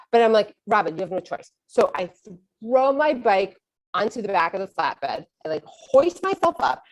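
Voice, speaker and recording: A middle-aged woman tells a funny personal story with lots of movement in her pitch. She is self-mocking and acts out her own thoughts as she goes. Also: sing-song, measured pace, rough recording.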